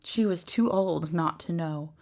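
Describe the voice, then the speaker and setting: A woman reads a fantasy novel aloud with measured, expressive pacing. Her voice sits on the low side, steady through long descriptive passages. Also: creaky. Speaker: reader.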